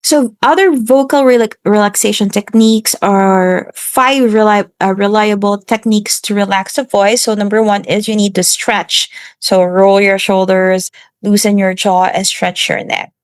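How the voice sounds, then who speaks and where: A woman presenting a class lesson on relaxing the voice, steady and instructive, with some slips and restarts. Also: medium pitch, measured pace, dry recording. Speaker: student presenter.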